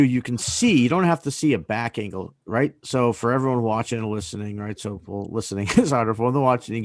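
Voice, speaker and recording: A man's voice: mid-range voice, dry recording, clean studio sound. Methodical man explaining on a podcast. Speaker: podcast co-host. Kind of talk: casual podcast discussion.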